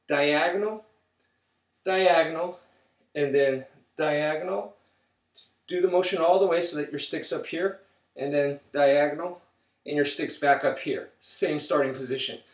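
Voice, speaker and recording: Man counting strikes in a roomy space. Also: fairly high pitch. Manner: counts strikes aloud while demonstrating. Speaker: martial arts instructor. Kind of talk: instructional demonstration. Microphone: camera mic from a distance. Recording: roomy, distant camera audio.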